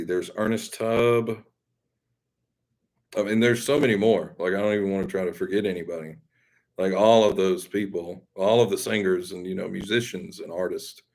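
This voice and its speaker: Man, Southern accent, deep low voice, rambling folksy live-stream chat. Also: darkish tone. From Mississippi. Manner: rambling, folksy, self-deprecating. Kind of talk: casual chat with viewers.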